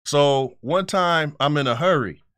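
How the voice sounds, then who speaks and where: A man's voice: fairly high pitch, measured pace, clear, resonant tone, no room sound. Middle-aged man, podcast co-host, profane storyteller, close dry mic. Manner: animated, profane, acts out voices in his stories. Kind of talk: casual storytelling chat.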